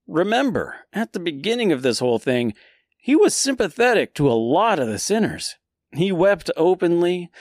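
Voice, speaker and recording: Male podcast host, slow and bouncy in pitch, casual comedic storyteller with quick silly character voices. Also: no echo, studio quality. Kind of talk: casual comedic retelling of a classic poem.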